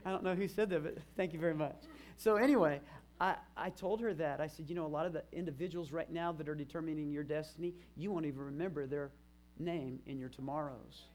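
A man's voice: fairly high pitch, fairly even intonation, fast talker, darkish tone. A man in his fifties, a pastor preaching a sermon and telling stories of church members with emphatic rises. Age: 50s. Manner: storytelling, retelling conversations, emphatic rises.

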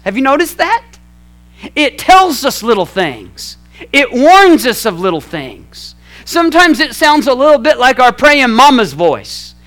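Brief: male pastor, lively, sweeping pitch, humorous sermon, loud-to-hushed swings. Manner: storytelling, conversational, self-mocking humor.

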